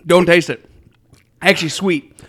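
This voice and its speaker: A man's voice: sits high, fairly even intonation, a little slow, fairly bright tone, breathy edge. A man chatting casually with friends as they taste hot sauce, describing the flavors vividly and playfully. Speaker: taste tester. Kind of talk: casual group chat.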